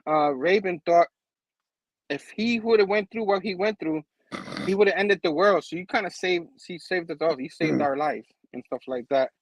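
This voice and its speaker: A man's voice: high-pitched, moderate pace, no room sound, low-quality recording. A man hosting a comic book review show, casually recapping an issue in a rambling way, chuckling often and using lots of fillers.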